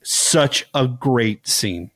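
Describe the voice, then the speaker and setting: A man on a podcast, telling a scary film scene in loose, casual chat. His delivery is animated and full of "like"s and restarts, and he keeps slipping into the characters' lines. The sound is close and dry, with no room in it. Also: mid-range voice, drawn-out words, no room sound. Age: young adult to middle-aged, a father. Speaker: podcast co-host.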